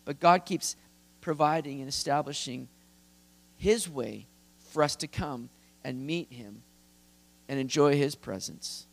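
Earnest, slightly high-voiced male preacher. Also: a little slow, vocal fry, long pauses. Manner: conversational, earnest, emphatic. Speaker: pastor. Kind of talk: expository sermon.

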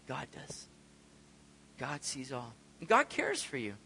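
A man's voice: medium pitch, huge pitch swings, takes it slowly, vocal fry, sharp tone, a little hiss or hum. A man preaching a sermon as pastor, talking conversationally and asking the congregation rhetorical questions. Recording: long hall reverb.

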